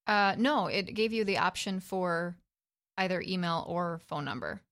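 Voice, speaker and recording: A woman's voice: on the low side, a little slow, fairly bright tone. A woman co-hosting a show in casual chat, upbeat and talkative. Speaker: podcast co-host.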